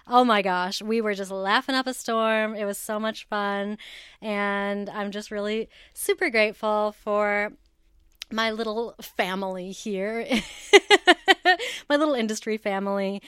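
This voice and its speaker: A woman's voice: medium pitch, fairly bright tone, smooth, no room sound, clean studio sound. A woman hosting her own podcast, chatting casually and bubbly, laughing often as she talks. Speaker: podcast host. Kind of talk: casual solo podcast chat. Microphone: headphones with cable, home recording setup.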